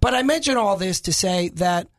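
High-voiced joking man hosting talk radio. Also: expressive, normal speed. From New York. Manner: joking, self-mocking, rambling asides. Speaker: fill-in radio host. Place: radio studio.

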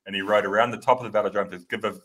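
A man co-hosting a podcast, telling an anecdote in an animated, casual way. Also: fairly low pitch, rapid-fire, slight background noise. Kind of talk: casual chat.

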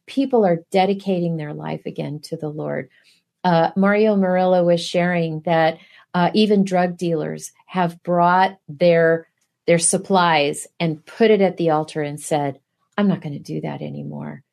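A woman's voice: lowish voice, fairly even intonation, measured pace, vocal fry, a little mellow. A middle-aged woman giving an earnest preaching testimony, pressing her listeners with rhetorical questions. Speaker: guest speaker.

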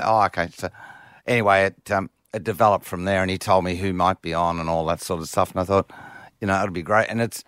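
A man's voice: low-pitched, steady tone, fast talker, fairly bright tone, clear, resonant tone, no room sound, clean studio sound. A man with an Australian accent, a musician guest on breakfast radio, telling stories in a rambling, hesitant way. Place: radio studio.

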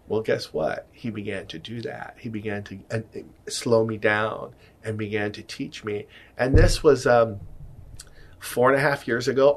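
A man in his fifties, a guest giving an earnest, emotional personal faith testimony, often dropping soft. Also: medium pitch. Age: 50s. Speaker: guest, jewelry business owner.

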